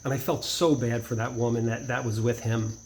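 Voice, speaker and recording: Male vlogger, mid pitch, casual rambling storyteller, faint insect noise outdoors. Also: steady tone, brisk, poor audio. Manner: rambling, many restarts and asides.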